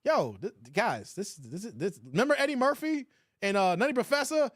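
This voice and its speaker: A man's voice: high-pitched, huge pitch swings, brisk. A man hosting a livestream, reacting to a video and talking to his chat in slang with mocking asides.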